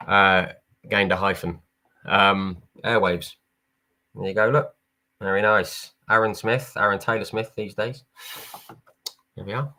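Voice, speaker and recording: A man's voice: on the low side, pushed and bright. A man from England hosting a charity prize draw live from home, chatty and upbeat, often stopping and restarting. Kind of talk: casual livestream chat.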